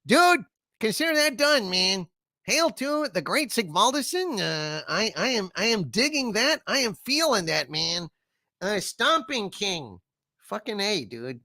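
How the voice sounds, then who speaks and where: A man's voice: high-pitched, big pitch swings, a little slow, pushed and bright, no room sound, studio quality, pitched above the performer's own voice, heavily acted. Harvey, a man doing a foul-mouthed eldritch dude god. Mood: mellow. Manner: swears constantly, ends phrases with "man" and "dude". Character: crude short-tempered male eldritch god talking like a stoner dude.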